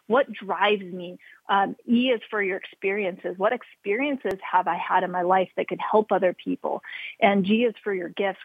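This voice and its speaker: A woman's voice: medium pitch, husky, no room sound. A woman hosting an interview, affirming her guest and explaining ideas to listeners. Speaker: host. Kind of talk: podcast interview. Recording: tinny phone-line audio.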